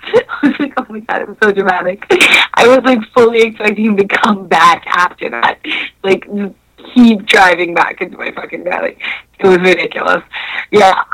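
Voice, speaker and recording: A young woman telling a story in casual chat, animated and swearing, acting out the voices in her quotes. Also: medium pitch, normal speed, low-quality recording.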